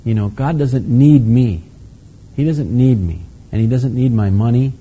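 A man's voice: mid-range voice, measured pace, dark tone, slightly rough. A man preaching a conversational sermon in a casual, folksy way, with many asides and restarts. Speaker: pastor. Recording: slightly muffled lo-fi recording.

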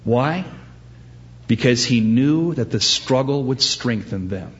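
A man preaching a sermon as pastor, animated and acting out the voices he quotes. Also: medium pitch, takes it slowly, lo-fi sound.

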